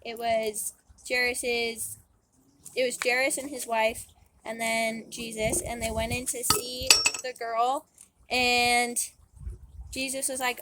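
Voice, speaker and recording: A woman's voice: fairly high pitch, level tone, slow pace, background noise. A young woman casually retelling a Bible story in a chatty, slangy way, full of "like"s. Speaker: channel host.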